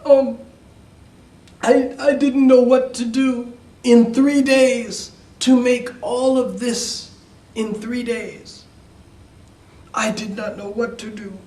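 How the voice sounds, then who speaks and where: A man voicing an anxious, lazy young woman from a fairy tale, pitching his voice up and sounding flustered. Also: fairly even intonation, slow pace, long pauses, mellow. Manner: high, pleading and flustered. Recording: roomy, distant mic.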